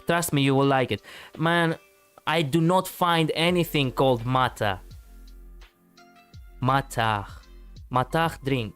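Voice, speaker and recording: Man, casual live-stream chat, rambling, lots of fillers, mid pitch, faint music behind. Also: slow pace, pauses often, fairly bright tone, smooth. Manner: rambling, chatty, reacting to chat, frequent fillers.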